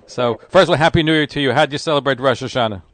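A man's voice: medium pitch, rapid-fire, a bit bright, no room sound. A man hosting a radio interview, friendly and jokey, telling anecdotes to his guest. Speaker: radio show host.

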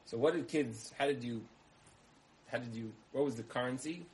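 A man delivers a sermon as a story, acting out each exchange and returning again and again to the same key phrase. His voice sits at an ordinary middle pitch, and his delivery stays lively and conversational. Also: normal speed, slight background noise, low-quality recording. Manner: animated storyteller, repeats phrases for emphasis, acts out dialogue. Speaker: speaker giving a talk.

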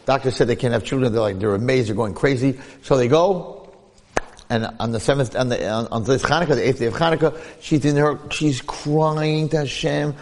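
A man giving a lively Torah class, storytelling and asking rhetorical questions while acting out the people he quotes. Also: mid-range voice, a little fast. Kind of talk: animated Torah lecture with storytelling. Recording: long hall reverb.

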